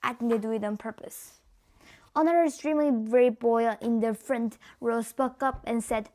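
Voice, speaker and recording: High-voiced woman reading a story. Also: fairly even intonation, normal speed, mellow. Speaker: narrator. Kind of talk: reading a novel aloud.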